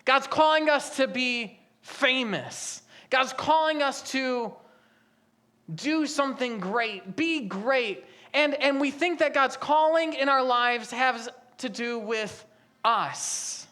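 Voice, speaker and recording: A woman's voice: high voice, lively intonation, slow, a bit bright. A young adult woman preaching a sermon as a pastor, asking the congregation a stream of rhetorical questions.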